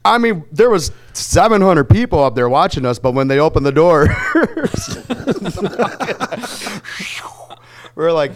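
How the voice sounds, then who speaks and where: Animated swearing band guy telling road stories. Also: a little high, slow pace, pauses often. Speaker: touring band member. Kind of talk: casual storytelling.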